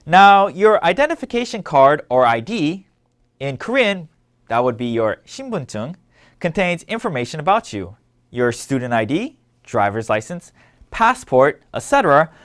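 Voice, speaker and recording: A man's voice: on the high side, very animated, normal speed, a bit bright. A man teaching a language lesson, explaining words patiently and asking listeners to repeat after him. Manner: clear, patient instructional delivery. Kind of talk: scripted language lesson narration.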